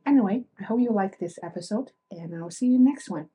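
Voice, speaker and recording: A woman's voice: medium pitch, animated, brisk, warm tone, a little hiss or hum. A woman hosting a solo podcast in a casual, reflective monologue, asking rhetorical questions and often tagging her points with "right?". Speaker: podcast host.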